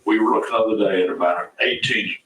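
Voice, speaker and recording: A man's voice: fairly low pitch, steady tone, racing, fairly bright tone. A man, an attorney, asking leading, methodical questions in a police interview. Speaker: defense attorney. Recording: echoey room, distant mic, faint hiss.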